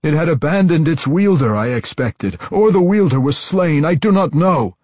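Casting: a man playing a frightened drow commoner, high and strained, stammering, husky edge. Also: expressive, normal speed, a little mellow, no room sound. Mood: desperate. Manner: desperate, stammering, high-strung. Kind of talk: audiobook character voice.

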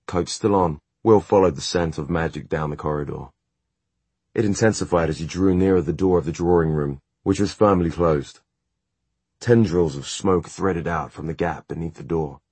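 A man narrating a fantasy audiobook in a measured, even storytelling manner. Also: low-pitched, slightly rough, no room sound. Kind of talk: scripted narration.

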